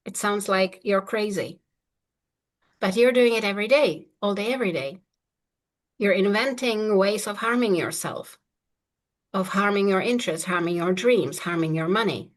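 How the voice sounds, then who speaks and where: A woman's voice: medium pitch, moderate pace. Confident woman coach, playful and assured. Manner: confident, playful, laughs often. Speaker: manifestation coach. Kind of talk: casual coaching chat.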